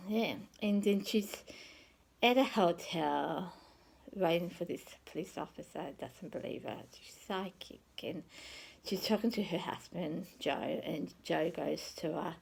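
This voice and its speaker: A woman speaks in a fairly low voice with a gravelly, creaky edge. She tells a personal story in a loose, meandering way and often trails off mid-thought. It sounds like an unscripted monologue by a psychic. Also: a little slow, low-quality recording. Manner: rambling and conversational, often trailing off with "kind of thing".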